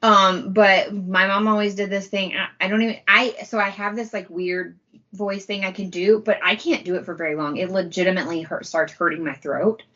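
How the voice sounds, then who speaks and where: A woman's voice: mid-range voice, brisk, lo-fi sound. A woman co-hosting a podcast, chatting casually and animatedly about a film. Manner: chatty, animated, laughs often. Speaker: podcast co-host. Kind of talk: casual film commentary chat.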